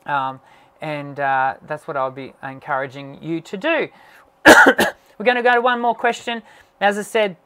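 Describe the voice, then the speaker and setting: A man's voice: a little high, fairly even intonation, measured pace, crowd noise. A middle-aged man, a voice teacher whose voice is strained as it recovers from dysphonia, answers questions in a live online session, explaining at length with many fillers and restarts.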